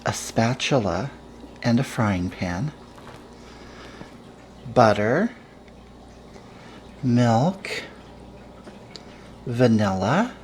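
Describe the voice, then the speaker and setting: A woman's voice: a bass voice, darkish tone, slight background noise, exaggerated voice. A woman playing a dramatic, self-styled glamorous home cook who hosts a comedic cooking show and rambles in a sing-song, theatrical way.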